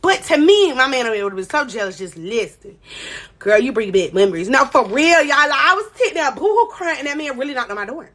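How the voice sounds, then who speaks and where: Animated young woman telling a story. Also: high voice, brisk. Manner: animated, dramatic retelling, reads chat aloud. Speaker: live-stream host. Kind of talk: casual storytelling on a live stream.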